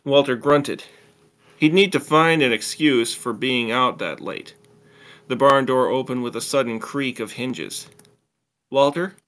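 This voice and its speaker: A man reading a story aloud, plain and steady, now and then stumbling and restarting a phrase. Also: mid-range voice, unhurried. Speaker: story reader.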